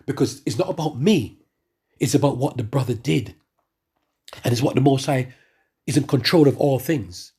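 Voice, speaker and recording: Husky guy telling his testimony, rambly and animated, keeps breaking off mid sentence. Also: medium pitch, normal speed, long pauses. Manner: animated storytelling with many asides and restarts. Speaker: church member giving testimony. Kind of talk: spoken religious testimony.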